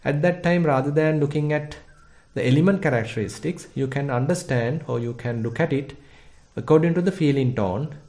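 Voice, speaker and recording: Mellow-voiced Sri Lankan monk teaching. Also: male voice, a little high. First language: Sinhala. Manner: measured, thoughtful, pauses with frequent fillers. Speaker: Buddhist monk teaching meditation. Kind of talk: meditation instruction talk.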